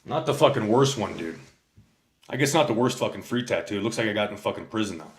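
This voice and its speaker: A low-voiced man rambles through a casual livestream rant, swearing constantly as he tells stories and answers his chat. His voice rings in a noticeably echoey room. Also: expressive, fast talker. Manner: profane, rambling storyteller.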